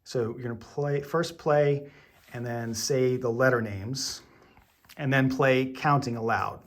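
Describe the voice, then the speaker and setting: A man's voice: mid-range voice, steady tone, measured pace. A man giving an online piano lesson, explaining each step patiently with plenty of ums and okays. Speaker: piano teacher. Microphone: camera mic.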